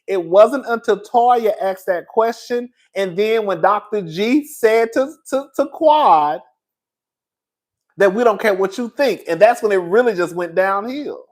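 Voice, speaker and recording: A man with a high voice speaks at a slow pace as he hosts a casual show recapping reality TV drama. He's animated and gossipy, laughing a lot.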